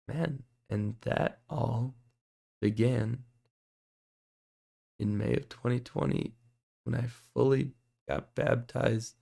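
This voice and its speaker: Gravelly young man telling his testimony. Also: medium pitch. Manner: earnest, excitable storytelling with fillers. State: voice going hoarse. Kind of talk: personal faith testimony.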